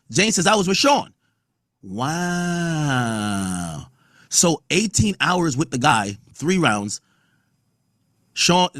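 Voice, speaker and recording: A man's voice: a little high, a bit bright, no room sound, studio quality. A man hosting a podcast, reading court testimony aloud and riffing on it in blunt, profane casual commentary. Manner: blunt, profane, reads quotes aloud and riffs on them. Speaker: podcast host.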